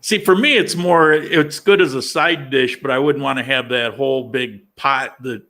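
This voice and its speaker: A man's voice: mid-range voice, moderate pace, gravelly, pushed and bright. A man hosting a casual chat, teasing his guest and laughing often. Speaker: host.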